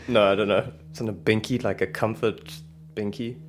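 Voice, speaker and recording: A man co-hosting a casual group chat, making dry deadpan jokes. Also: lowish voice, moderate pace. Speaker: podcast co-host.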